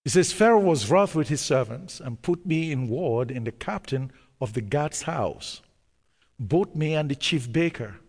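A pastor preaching a sermon, reading scripture aloud and retelling it with dramatic pauses and sudden bursts of emphasis. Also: male voice, fairly high pitch, lively intonation, darkish tone, long reverb tail.

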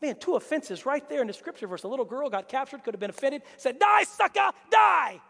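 Male pastor, very high voice, animated preacher who acts out scripture characters, long church-hall reverb. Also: quick pace. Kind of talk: lively sermon.

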